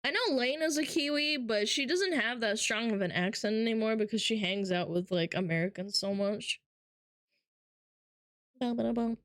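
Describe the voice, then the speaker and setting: A woman's voice: a little high, normal speed, hardly any pauses, a bit bright, dry recording, clean studio sound. A woman streamer chatting casually with her viewers, joking and swearing and laughing often. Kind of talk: casual live-stream chat.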